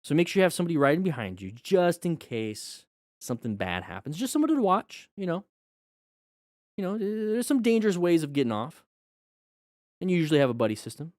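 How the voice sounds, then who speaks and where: A man's voice: on the high side, sing-song, fairly quick, a little mellow, no room sound, clean studio sound. A man hosting a casual livestream, commenting on riding videos as a motorcycle instructor, joking and teaching in a loose conversational way with lots of fillers.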